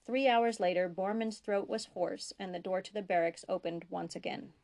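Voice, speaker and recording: Woman, story reader, mid-pitched, gravelly, measured narration, hushed dialogue. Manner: steady, measured narration, drops to soft whispers for dialogue. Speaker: author reading her own fan fiction. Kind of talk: audiobook-style fiction reading.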